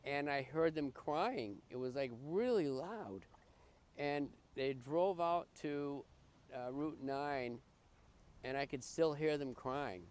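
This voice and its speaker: An older man from Massachusetts, a podcast guest, tells his life story in an earnest, halting way, often restarting and repeating words. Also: a little high, darkish tone, clear, resonant tone. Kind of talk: personal life story in conversation.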